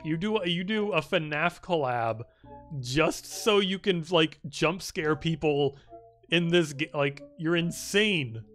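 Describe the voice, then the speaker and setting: An excitable young male streamer riffs loosely over his gameplay, swearing freely and packing his speech with "like". His voice sits a little higher than most men's, and faint music plays underneath. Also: slow. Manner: excitable, rambling, swears often, many "like" fillers. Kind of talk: casual gameplay commentary.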